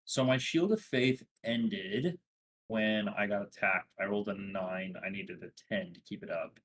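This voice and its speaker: A man's voice: fairly low pitch, measured pace, fairly bright tone. Matter-of-fact man in an echoey room. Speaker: player. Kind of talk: casual tabletop game play. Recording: roomy echo.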